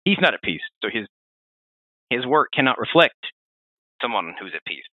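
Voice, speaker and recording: A man hosting a podcast, telling game lore in a rambling, animated way with frequent restarts. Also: mid-range voice, normal speed, dry recording. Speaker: podcast host. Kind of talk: casual lore discussion. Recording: dry, phone-like narrow sound.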